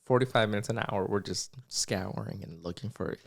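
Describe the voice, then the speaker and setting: A young man, a podcast co-host, telling a story in casual chat, animated, acting out the people in it and swearing freely. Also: on the low side, a little fast, vocal fry.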